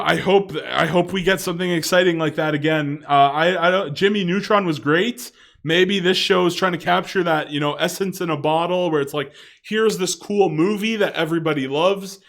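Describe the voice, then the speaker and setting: A man's voice: high voice, vocal fry. A man giving a casual, rambling video commentary, with many fillers and chuckling asides.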